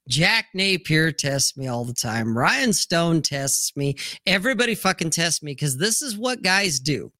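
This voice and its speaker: A man's voice: fairly high pitch, bright, forceful tone, no room sound, clean studio sound. Blunt, profane man hosting a stream. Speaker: livestream host. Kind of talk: casual panel chat. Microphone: streaming mic, remote call.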